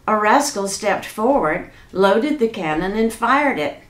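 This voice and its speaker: A woman reading a children's storybook aloud in an expressive, unhurried way. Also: mid-range voice, echoey room.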